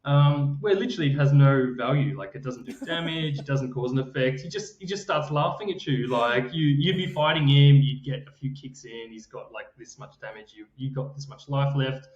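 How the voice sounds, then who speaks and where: A man's voice: medium pitch, moderate pace, hardly any pauses. A man with an Australian accent, co-hosting a podcast in casual chat and animatedly telling stories, acting out quotes and laughing often. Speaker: podcast co-host. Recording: roomy, slightly dull podcast audio.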